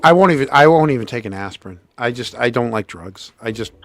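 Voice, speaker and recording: A fast-talking man on his podcast rattles through a long story in easy conversation, acting out all the quotes with big pitch jumps like a lively storyteller. The recording is dry.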